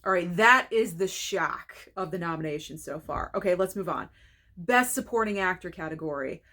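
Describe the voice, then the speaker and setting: A woman film reviewer talking casually to camera, excitable and gushing, with frank opinions. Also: fairly low pitch, normal speed. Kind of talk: casual reaction video.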